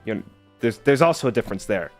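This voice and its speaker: A man's voice: lowish voice, lively intonation, fast talker, soft background music. A man streaming live, chatting casually with viewers in a sarcastic, argumentative way.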